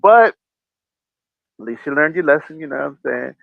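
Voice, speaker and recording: A man's voice: on the high side, animated, normal speed, gravelly, no room sound. A man hosting a casual interview, easygoing and given to repeating himself as he tosses in "you know what I'm saying". The sound is dry and close, and squeezed thin like a phone line. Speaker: podcast host. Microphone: remote video call. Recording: dry, tinny phone-like audio.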